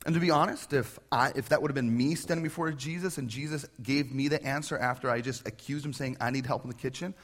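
A man preaching a sermon in a conversational, animated way, full of questions. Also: mid-range voice, quick pace, few pauses. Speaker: pastor.

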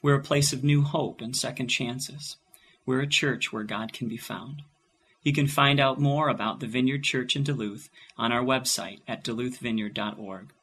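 A man with a husky, slightly breathy voice reads a scripted welcome for a church podcast. He speaks in a steady, even, welcoming tone. His pitch sits in the middle range. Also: moderate pace. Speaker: podcast announcer. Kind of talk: scripted intro.

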